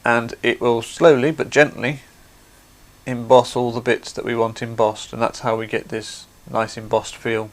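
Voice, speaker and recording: A man's voice: medium pitch, little pitch movement, moderate pace. A man hosting a craft livestream, chatty and explaining things step by step. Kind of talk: casual demonstration.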